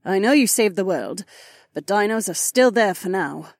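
A man voicing a blunt, excitable young woman soldier. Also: sits high, normal speed, no echo, clean studio sound, pitched above the performer's own voice. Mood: eager.

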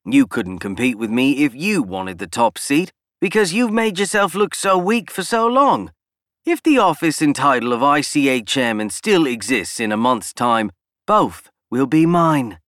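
For an audiobook, a male narrator voices an arrogant, scheming politician, snapping out boastful, threatening lines pitched noticeably above his own voice. The delivery is unhurried and fairly bright with big pitch swings, and the sound is close and dry with no echo.

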